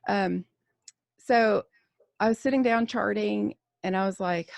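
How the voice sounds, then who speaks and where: A woman in her forties with a gravelly edge to her voice, speaking as a nurse in a casual roundtable podcast chat. She talks candidly and rambles, with plenty of fillers and restarts. The sound is close and dry, with no room around it. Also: medium pitch, measured pace, no echo. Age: 40s.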